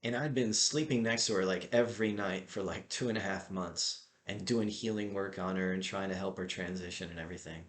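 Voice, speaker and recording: A man's voice: low-pitched, steady tone, a little fast, hardly any pauses, reverberant. A middle-aged man telling a personal story in a casual, rambling way, with many fillers and restarts. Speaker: qigong teacher and vlogger.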